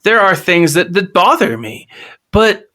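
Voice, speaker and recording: A man's voice: high voice, sing-song, unhurried, bright, forceful tone. A man appearing as a guest on a podcast, talking earnestly and enthusiastically in casual chat. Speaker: podcast guest, video creator.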